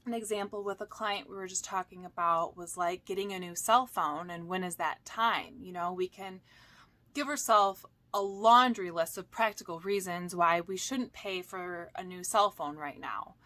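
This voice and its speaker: Bright-voiced chatty woman coach. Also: fairly low pitch, normal speed. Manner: chatty, animated, lots of fillers and "blah, blah" asides. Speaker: holistic coach. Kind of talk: casual advice talk.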